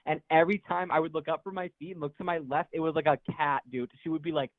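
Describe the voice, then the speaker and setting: A man's voice: on the high side, steady tone, fast talker, no room sound. Young man on a tinny phone line. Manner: profane, rambling, laughs through his story. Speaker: caller. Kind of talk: casual storytelling.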